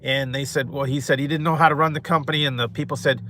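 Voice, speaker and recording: A man's voice: medium pitch, fairly even intonation, fast talker, a bit bright, a little hiss or hum. A man hosting a food mukbang, chatting casually with live viewers and rambling, chuckling often. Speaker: mukbang host.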